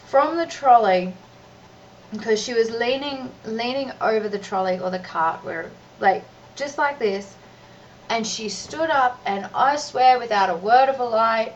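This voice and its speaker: A mother ranting to her vlog camera, exasperated and emphatic, often restarting her sentences. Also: fairly high pitch. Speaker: mother and vlogger. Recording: distant, dull lo-fi recording with faint noise.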